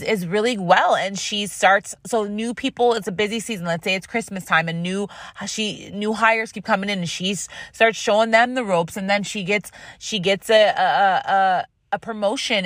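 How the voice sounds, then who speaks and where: Animated woman host telling a story. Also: medium pitch, no echo, clean studio sound. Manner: animated, rambling, frequent restarts. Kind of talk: casual storytelling talk.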